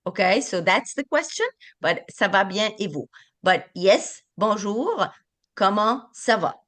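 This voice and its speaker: A woman teaching an online class, speaking slowly and encouragingly and repeating phrases. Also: medium pitch, big pitch swings, fairly bright tone. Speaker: French tutor.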